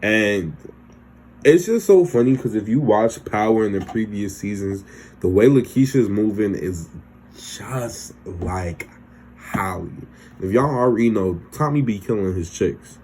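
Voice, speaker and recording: A man's voice: lowish voice, lively intonation, a little slow, a little mellow, slight background noise. A young man recapping a TV episode in loose, slangy, profane casual chat. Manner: loose, slangy and profane, acts out characters' lines. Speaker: TV recap vlogger.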